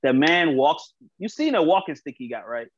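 A man co-hosting a casual podcast chat, telling stories in an animated way, acting out quotes and swearing freely. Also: on the high side, normal speed, muffled recording. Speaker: podcast co-host.

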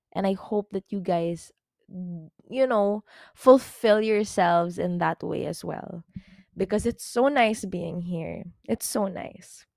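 A woman's voice: fairly low pitch, creaky, dark tone, dry recording, clean studio sound. A young woman hosting her own podcast, talking candidly and emotionally to her listeners, swearing casually. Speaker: podcast host. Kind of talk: personal podcast monologue.

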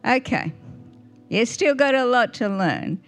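A woman's voice: a little high, lively intonation, measured pace, soft background music. An older woman, telling family stories in a Mother's Day church talk and often asking the congregation questions. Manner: warm storytelling with little laughs, asks the audience questions. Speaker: guest speaker at church.

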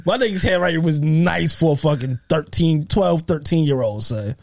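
A man, co-hosting a podcast. His voice sits a little high and is recorded close and dry. He tells long stories in a loose, profane, easygoing way. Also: vocal fry, a little mellow, dry recording. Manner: laid-back, profane street slang, drawn-out telling. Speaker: podcast co-host. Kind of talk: casual storytelling chat.

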